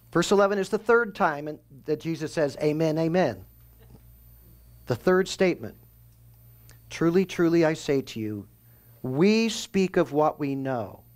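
This is a man preaching an expository sermon as a pastor, his voice a little high and a little mellow. He explains scripture verse by verse in a conversational, teaching way, asking questions and answering them himself.

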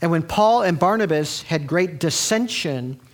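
A man preaching a sermon in a conversational, storytelling way, with frequent restarts. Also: a little slow. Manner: animated, sweeping pitch.

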